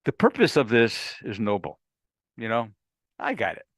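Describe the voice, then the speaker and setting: A man's voice: medium pitch, wildly swooping pitch, normal speed, fairly bright tone, dry recording, clean studio sound. A male lawyer explaining a new law in a conversational, emphatic way, with repetitions and folksy asides. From United States. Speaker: lawyer hosting a legal briefing.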